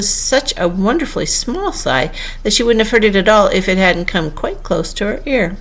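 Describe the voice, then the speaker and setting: A woman narrating a classic storybook aloud as an audiobook, in an expressive, unhurried manner. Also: on the low side, vocal fry. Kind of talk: audiobook reading.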